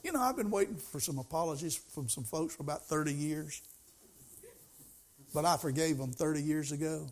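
A man's voice: fairly high pitch, moderate pace. A middle-aged man preaching a sermon as pastor, in a folksy, conversational way that rises to emphasis.

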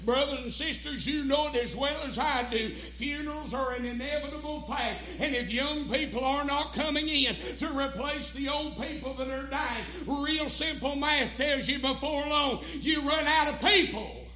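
A man pastor preaching an impassioned revival sermon. He swings from near-shouts to hushed pleading in sing-song cadences. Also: very high voice, moderate pace, hardly any pauses, roomy sound, faint music behind. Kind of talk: Southern Baptist revival sermon.

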